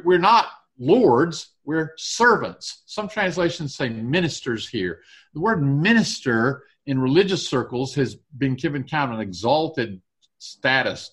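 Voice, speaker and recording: A man's voice: medium pitch, a bit bright. A man leading a casual Bible study discussion, reading verses aloud and thinking through their meaning.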